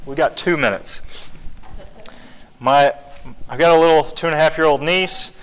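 A man's voice: on the high side, measured pace, fairly bright tone, clear, resonant tone, poor audio. A man leading a Bible study, teaching earnestly and rising to pleading emphasis.

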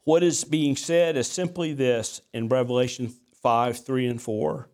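Pastor preaching with folksy storytelling. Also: male voice, medium pitch, fairly even intonation, takes it slowly, a little mellow. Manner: conversational storytelling mixed with emphatic scripture reading; folksy, self-deprecating humor. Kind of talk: sermon.

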